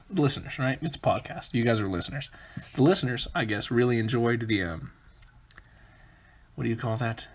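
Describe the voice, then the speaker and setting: Husky-voiced rambling male podcast host. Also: medium pitch. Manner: rambling, self-interrupting, jokey. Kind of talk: comedic solo podcast monologue.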